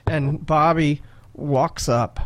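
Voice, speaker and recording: A man who is a pastor, chatting casually on a podcast, earnest and laughing often, with halting restarts. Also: on the high side, fairly even intonation.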